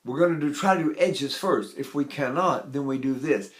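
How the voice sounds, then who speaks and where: Man in his eighties, voice teacher, mid-pitched voice, unhurried explanatory lesson, sings and breathes to demonstrate. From United States. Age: 80s. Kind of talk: spoken vocal lesson with sung demonstrations.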